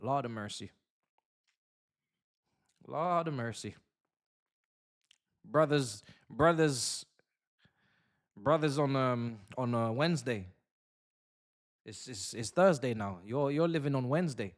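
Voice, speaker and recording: A man's voice: medium pitch, slow pace, long pauses. A young man chatting through a live football watch-along, full of slang and banter with his chat.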